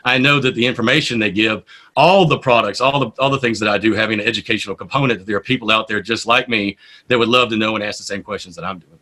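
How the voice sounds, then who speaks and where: A man, a poet and radio host, telling stories in a casual interview with an animated manner. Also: lowish voice, quick pace. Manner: animated storyteller.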